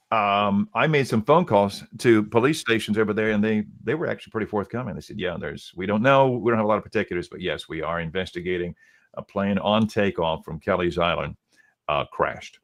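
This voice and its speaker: A middle-aged radio host tells a story in a low, relaxed voice. He quotes the people in it again and again with "he goes" and often restarts his sentences. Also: fairly quick. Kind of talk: casual storytelling.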